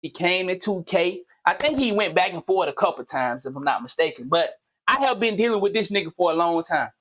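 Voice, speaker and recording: A man hosting a gaming channel, delivering a loud, slangy, profane comedic rant that swings into shouting. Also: high-pitched, expressive, a little fast. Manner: slangy, repetitive, teasing.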